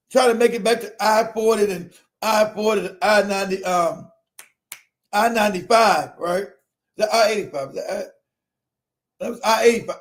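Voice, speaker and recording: A middle-aged man with a strikingly high voice tells a personal story in a loose, conversational way. He is animated and profane, laughing often and acting out every quote. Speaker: streamer telling a personal story. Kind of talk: casual storytelling.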